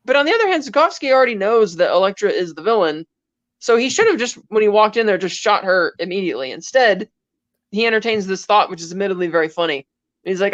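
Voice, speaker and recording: Woman co-host, animated retelling. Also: medium pitch, fast, no echo, muffled recording. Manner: animated storytelling, briefly acting out characters' lines. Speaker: podcast co-host. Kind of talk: casual chat retelling a film scene.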